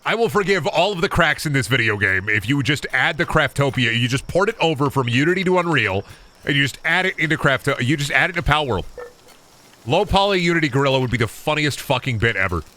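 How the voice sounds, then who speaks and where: A man streaming a game, chatting casually in an animated, joking, crude way. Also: mid-range voice, fairly quick. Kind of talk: casual gaming stream chat.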